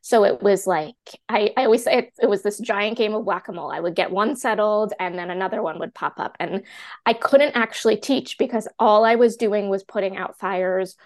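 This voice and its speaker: A woman in her thirties, a teacher and classroom coach, telling her story as a podcast guest in a chatty, animated way full of "like" fillers. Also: medium pitch, brisk. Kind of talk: candid personal storytelling in a podcast interview.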